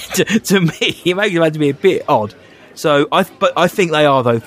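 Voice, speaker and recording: A man's voice: a little high, animated, normal speed. A man co-hosting a podcast, rambling and self-mocking in casual chat, laughing often. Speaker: podcast co-host.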